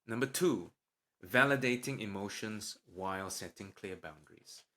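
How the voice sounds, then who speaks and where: Male podcast host, lowish voice, calm explainer who brightens when voicing example parent lines. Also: normal speed.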